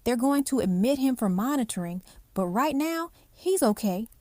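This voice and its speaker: A woman voicing a calm, even-toned female ER nurse speaking professionally. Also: on the high side, moderate pace, no room sound, studio quality, pitched above the performer's own voice, close to an everyday voice. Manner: even, professional phone manner.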